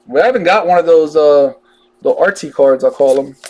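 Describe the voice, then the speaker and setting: A man's voice: a little high, normal speed, darkish tone. A man chatting casually while he opens trading cards on a live break, drawling and joking as he reads out each card.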